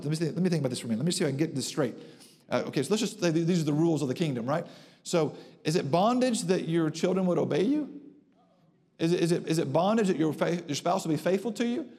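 A man preaching a sermon to a congregation, emphatic, slowing down and rising in pitch to drive home his points. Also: animated, darkish tone. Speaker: pastor. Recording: long reverb of a church hall.

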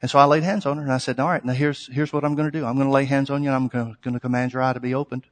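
A man's voice: mid-range voice, little pitch movement, racing. Male preacher in an echoey hall. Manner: conversational, anecdotal, building to emphatic exhortation. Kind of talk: sermon with storytelling. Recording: long hall reverb.

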